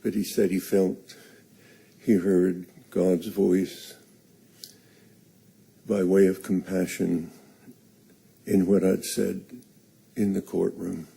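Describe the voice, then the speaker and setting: An older man slowly telling a personal story on stage, halting and earnest. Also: sits low, level tone, vocal fry, dark tone, breathy edge.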